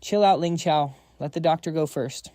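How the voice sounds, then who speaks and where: A self-assured young man, cool and confident, in a recap story, voiced by a male narrator. The voice is mellow and set a little high. It is recorded dry and close. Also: normal speed, no echo, natural voice. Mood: reassuring.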